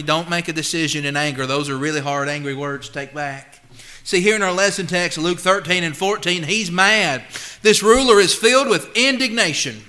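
A male preacher with a high, bright, forceful voice delivering a sermon. He leans hard on his points, drops to near-quiet asides, then swells back up. His scripture readings come slow and measured. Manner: emphatic, swings between loud and hushed; reads scripture slowly and deliberately.

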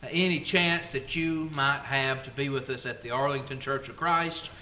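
A man preaching a sermon in a church, folksy and unhurried, reading scripture slowly. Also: mid-range voice, fairly even intonation. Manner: folksy storytelling, slow deliberate scripture reading. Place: church auditorium. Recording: roomy, slightly dull church radio broadcast.

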